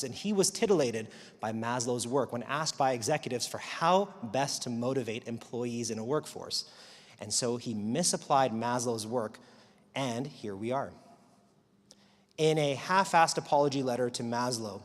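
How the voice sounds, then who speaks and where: A man gives a talk to a crowd, his voice carrying through a large hall with a long echo. He speaks at a middle pitch, in an animated and wry way, with strong emphasis. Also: normal speed. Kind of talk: live talk to an audience. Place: large auditorium.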